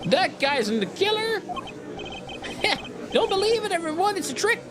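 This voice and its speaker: A man voicing a loud, agitated male onlooker in a shrill, excitable way while reading game dialogue. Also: unhurried, noisy background, heavily acted. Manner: shouty and excitable.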